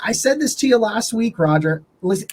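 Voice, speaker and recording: A man's voice: high-pitched, expressive, fairly quick. A man co-hosting a sports podcast, telling stories casually with lots of "like" and laughing as he talks. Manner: chatty, laughs through his stories, many "like" fillers. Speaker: podcast co-host.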